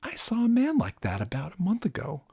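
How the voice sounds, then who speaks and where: A man's voice: sits high, wildly swooping pitch, fairly quick, creaky, warm tone, breathy edge, no room sound, clean studio sound, pitched above the performer's own voice, full character voice. A man voicing a nervous, cautious middle-aged Latino homeowner. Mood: wary. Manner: cautious, wary.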